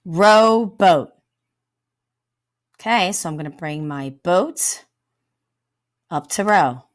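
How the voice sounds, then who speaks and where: A woman's voice: sits low, expressive, measured pace. A woman teacher giving a recorded phonics lesson to young children, patiently sounding out each word. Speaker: elementary teacher.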